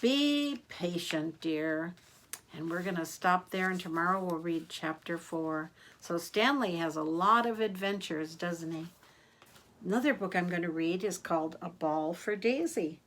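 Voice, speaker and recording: An older woman, a grandmother, reading picture books aloud to children in a gentle, expressive way, gasping and asking them questions. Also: lowish voice, normal speed. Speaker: grandmother storyteller.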